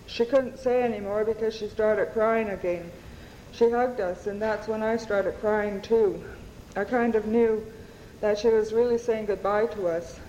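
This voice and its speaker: A woman author reading aloud from her novel to an audience, in an unhurried, measured way, recorded at an event. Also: mid-range voice, dark tone, a little hiss or hum. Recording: dull audio in a reverberant hall.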